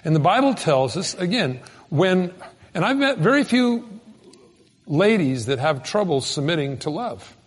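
Animated high-voiced male preacher, hall reverb. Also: measured pace, slightly rough. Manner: folksy, animated storytelling with sudden loud bursts. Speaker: pastor. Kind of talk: sermon.

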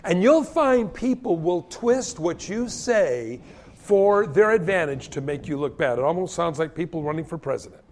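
Animated high-voiced male preacher. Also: normal speed. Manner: animated storytelling, acting out quoted voices. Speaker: pastor. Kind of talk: sermon.

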